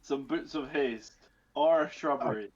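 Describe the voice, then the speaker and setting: A man's voice: medium pitch, a little slow, slight background noise. A man playing a tabletop game, joking around playfully as he talks. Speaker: player. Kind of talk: casual tabletop play. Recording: dull lo-fi mic.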